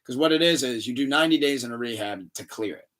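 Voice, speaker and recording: A man co-hosting a casual podcast, telling a story with lively acted-out dialogue. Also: medium pitch, fast, far from the mic. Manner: animated storytelling, acts out quoted dialogue. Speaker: podcast co-host. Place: room shared with co-host.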